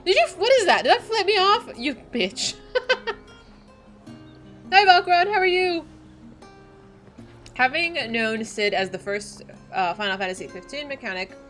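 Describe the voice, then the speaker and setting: A woman's voice: medium pitch, a bit bright. A woman livestreaming a video game, giving casual, chatty commentary with playful, exaggerated reactions. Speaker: livestream gamer.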